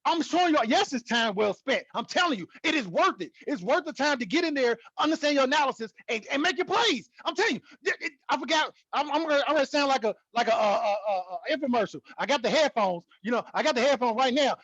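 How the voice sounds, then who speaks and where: A man teaching stock trading in a casual, excitable way, repeating himself and hyping up his viewers. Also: very high-pitched, fast talker, hardly any pauses, husky, no echo, rough recording. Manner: excitable, repetitive, hypes the viewer. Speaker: trading educator. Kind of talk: casual teaching talk to camera.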